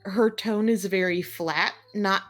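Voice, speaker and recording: Slow-talking woman running a tabletop game. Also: mid-range voice, steady tone, faint music behind. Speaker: game master.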